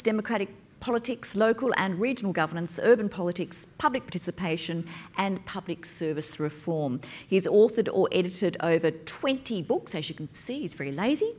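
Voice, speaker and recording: A woman moderating a university panel on stage, reading out guest bios with playful asides. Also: medium pitch. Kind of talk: live panel introduction.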